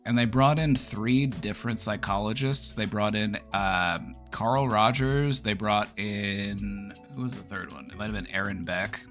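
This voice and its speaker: A middle-aged man with a low-pitched voice talks casually as a host. He rambles, thinks aloud and restarts sentences, and light music plays underneath. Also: a little slow, hardly any pauses, a bit bright. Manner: chatty, rambling, frequent restarts. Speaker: mental health video host. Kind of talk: casual commentary.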